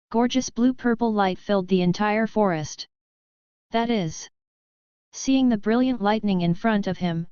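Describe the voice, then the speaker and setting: A woman narrates a fantasy audiobook in a steady, even voice. Her tone is very smooth and crisp. The recording is dry and has a slightly dull, lo-fi sound. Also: medium pitch, no room sound.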